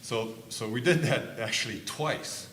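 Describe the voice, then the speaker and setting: An older man on a conference panel telling lively stories, acting out quotes loudly. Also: medium pitch, unhurried. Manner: animated storyteller, acts out quotes loudly. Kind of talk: storytelling on a panel. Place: conference stage. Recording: echoey room with faint noise.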